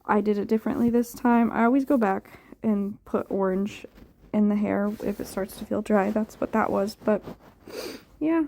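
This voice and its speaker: Speaking in a mid-range voice with vocal fry and a dark tone, a hair dye vlogger chats casually in a voice-over at a moderate pace. She's a young woman who sounds tired and yawns, rambling uncertainly with many fillers.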